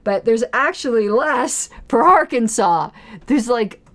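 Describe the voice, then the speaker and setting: Speaking slowly in a slightly high voice, a woman hosts her own home-studio political commentary show. Her talk is chatty and rambling, punctuated by excitement and readings from old newsletters.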